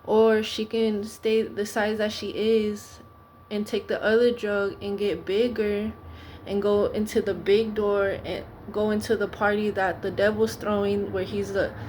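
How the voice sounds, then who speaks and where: Casting: woman preacher, earnest and pleading, steady narrow pitch, noisy recording. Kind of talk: informal preaching monologue.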